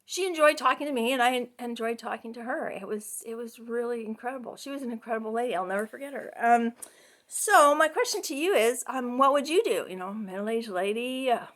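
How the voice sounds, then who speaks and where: A woman's voice: on the high side, fairly quick, fairly bright tone. A middle-aged woman from Canada giving a class case presentation as a counseling student, chatty and full of fillers, laughing often.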